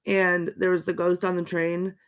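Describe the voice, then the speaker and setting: A woman's voice: lowish voice, flat delivery, normal speed, clear, resonant tone. A woman co-hosting a podcast, wryly rambling through her notes on a film in casual chat. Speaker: podcast co-host reviewing a film.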